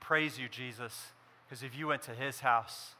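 A man preaching a sermon as a pastor, swinging between loud emphasis and quiet, intense passages. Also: mid-range voice, steady tone, a little slow, slight background noise.

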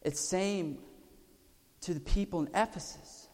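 A man preaching a sermon, swinging from loud emphasis down to hushed, almost whispered lines. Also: high voice, measured pace. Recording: long hall reverb.

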